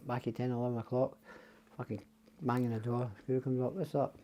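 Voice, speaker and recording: An older Scottish man talks in a loose, rambling storytelling way, swearing freely and acting out the voices of the people in his tales. His tone is dark and mellow, with nothing bright or sharp in it. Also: mid-range voice, little pitch movement, a little fast. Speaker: podcast guest. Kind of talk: casual storytelling.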